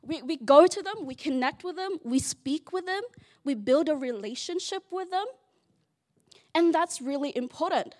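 A woman's voice: sits high, expressive, moderate pace, a little mellow. A woman giving a casual, chatty Bible study talk, playful and full of "like" fillers.

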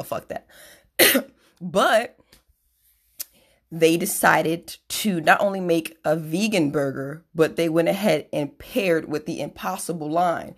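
A young adult woman hosting a podcast, ranting in a blunt, sarcastic, profane way with self-deprecating asides. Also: low voice. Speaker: podcast host. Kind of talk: profane solo rant.

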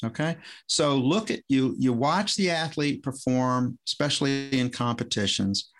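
A man's voice: mid-range voice, unhurried, over music. A man, a former swim coach, chatting on a podcast in a rambling, self-interrupting way, often restarting his sentences. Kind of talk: casual podcast conversation.

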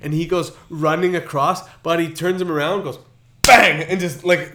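A man's voice: on the high side, fairly even intonation, moderate pace, background noise. A man hosting a podcast, rambling through stories and acting out what people said. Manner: rambling storyteller, quotes people in voices. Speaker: podcast host. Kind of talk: casual podcast chat.

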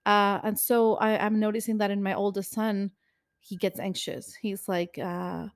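A woman's voice: medium pitch, level tone, a little slow. A woman co-hosting a podcast, talking candidly and reflectively in casual conversation. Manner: candid, confessional, self-reflective. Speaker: podcast co-host. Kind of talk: casual chat.

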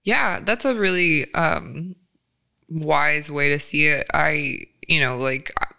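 Bright, smooth-voiced man chatting. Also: on the high side, slow. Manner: reflective, laughs often, many fillers. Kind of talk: casual chat.

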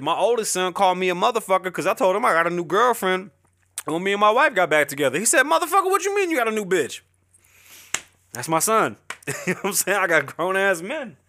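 A middle-aged man hosts a podcast in a slightly high, sharp-toned voice, speaking candidly and emotionally about his family and his struggles. He rambles and swears, and the recording is clean studio sound with no room sound.

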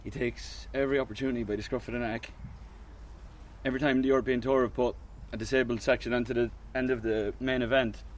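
A man's voice: mid-range voice, flat delivery, fast talker. A man speaking about a golfer he supports, proud and choked up. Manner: choked up and proud, laughing through it. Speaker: supporter speaking after the win. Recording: faint outdoor noise.

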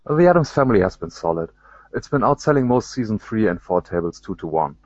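A low, measured pinball company executive voiced by a man with a put-on American accent, working through fan questions in a businesslike manner. The sound is dry and a little dull. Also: lively intonation, a little mellow. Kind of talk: reading written answers aloud.

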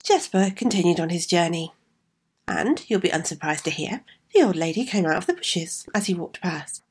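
A woman's voice: lowish voice, expressive, moderate pace, breathy edge. A woman telling a fairy tale aloud with chatty asides to her listeners. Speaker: storyteller.

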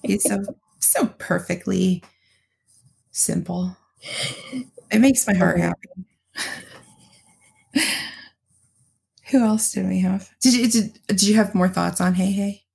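A woman's voice: medium pitch, takes it slowly, long pauses, darkish tone. A woman co-hosting a podcast, telling blunt, profane stories in casual chat and often laughing. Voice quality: gravelly, husky. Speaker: podcast co-host.

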